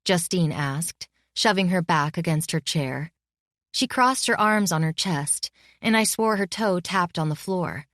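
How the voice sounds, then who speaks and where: A woman reading a novel as an audiobook narrator in a measured, close style. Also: on the low side, lively intonation, fairly bright tone, no room sound. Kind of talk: scripted narration.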